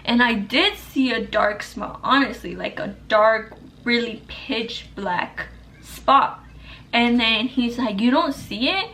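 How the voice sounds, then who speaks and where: Young woman, vlogger, fairly high voice, rambling, swearing a lot, casual storytelling to camera. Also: slow, bright, forceful tone, slight background noise. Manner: rambling, profane, filler-heavy.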